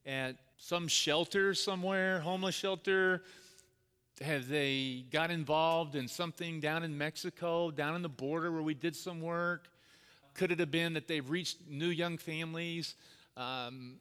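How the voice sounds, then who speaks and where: A man's voice: on the high side, unhurried, fairly bright tone, clear, resonant tone. A middle-aged man preaching a sermon, telling a personal story in an earnest, conversational way. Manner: storytelling, earnest, acts out quoted voices. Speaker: pastor. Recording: long hall reverb.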